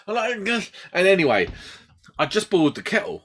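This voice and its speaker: British male podcast host; animated storyteller who shouts out quoted lines. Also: sits high, a little fast. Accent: British English. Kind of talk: casual chat.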